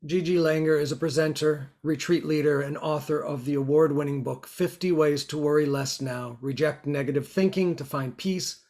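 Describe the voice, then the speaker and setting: A man's voice: a little high, steady tone, moderate pace, hardly any pauses, a little mellow. A man hosting an interview show, talking in an earnest, reflective way with frequent restarts. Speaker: podcast host. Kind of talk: casual interview chat. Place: New York.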